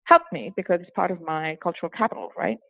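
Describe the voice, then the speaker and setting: A woman's voice: lowish voice, quick pace, gravelly, dry recording. A woman from Singapore with a hybrid accent that carries a hint of British, talking animatedly as an interview guest and often laughing. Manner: animated, laughs often, breaks into acted quotes. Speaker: interview guest, former teacher. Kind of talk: casual interview conversation. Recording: tinny phone-like line, dry.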